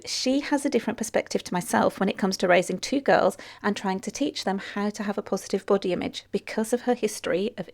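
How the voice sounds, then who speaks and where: A woman's voice: mid-range voice, vocal fry, darkish tone. A woman hosting a podcast, moving from a scripted welcome into casual, encouraging chat with her guest. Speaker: podcast host.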